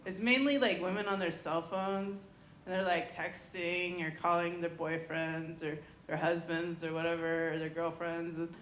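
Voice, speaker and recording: A woman's voice: lowish voice, level tone, normal speed, a bit bright. A woman performing a rambling, chatty open mic stand-up set, talking with the crowd between jokes. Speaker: stand-up comedian. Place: comedy club stage. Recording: echoey club room, faint noise.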